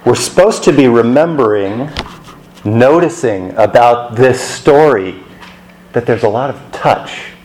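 A man's voice: lowish voice, a little mellow, rough recording. A man preaching a sermon in a conversational way, asking rhetorical questions.

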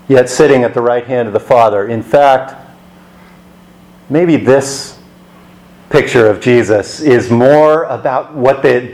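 A man's voice: medium pitch, darkish tone, rough recording. A man preaching a sermon in a conversational way, asking rhetorical questions.

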